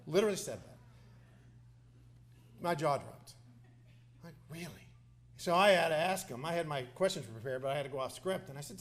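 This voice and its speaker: A man's voice: a little high, expressive, a little fast, long pauses. Passionate Texan man giving a speech. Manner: passionate, joking, folksy. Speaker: politician speaking at a candidate forum. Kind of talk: campaign speech with anecdotes. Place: civic center hall, live event.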